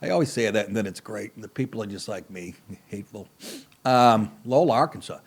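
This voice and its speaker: A man's voice: lowish voice, animated, brisk, creaky. A man hosting a comedy podcast, talking in a profane, rambling, sarcastic way. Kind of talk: casual comedic podcast monologue.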